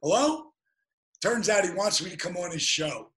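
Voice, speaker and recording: A man telling animated stories as an interview guest, with quick restarts. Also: high voice, poor audio. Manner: animated, fast-moving storyteller with restarts. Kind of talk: interview storytelling.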